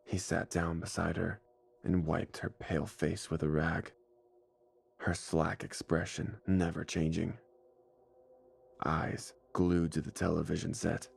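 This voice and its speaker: A man narrating a scripted horror story in a measured, deliberate way, with music playing behind him. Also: low-pitched, flat delivery, gravelly, breathy edge. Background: faint music score.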